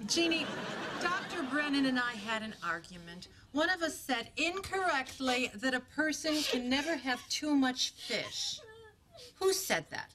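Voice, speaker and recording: A woman acting in a sitcom as a sharp, exasperated wife. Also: high voice, very animated, unhurried, a crowd in the background, background noise. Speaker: actress playing a bickering wife.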